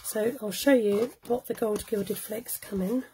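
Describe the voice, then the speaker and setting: A woman's voice: medium pitch, steady tone, unhurried, dark tone, slight background noise, rough recording. A chatty woman giving a live cardmaking tutorial, laughing often and greeting viewers by name as she works. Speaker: cardmaking demonstrator. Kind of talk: live-streamed craft tutorial.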